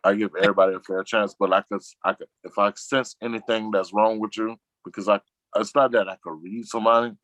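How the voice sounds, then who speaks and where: A man, chatting casually as a talk-show guest, rambling and slangy, acting out quoted friends in a lower voice. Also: steady tone, fast talker, a bit bright, no echo, poor audio. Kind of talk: casual chat.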